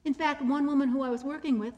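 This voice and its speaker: A woman keynote speaker giving a faith-based motivational talk. She slows down and drops to a soft voice for emphasis, and she repeats key phrases to drive them home. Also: high-pitched, steady tone, dull audio.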